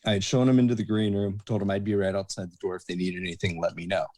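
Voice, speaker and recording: A man with a low, dark, mellow voice tells bar stories as a podcast guest. He acts out the people in his stories with animated delivery. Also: fast talker. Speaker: guest, bouncer and bartender. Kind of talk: casual storytelling chat.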